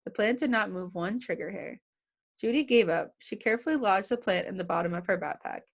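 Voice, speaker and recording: Woman, young adult, children's book read-aloud, lively character voices, gravelly fry. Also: mid-range voice, fairly quick. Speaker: childcare staff reading aloud.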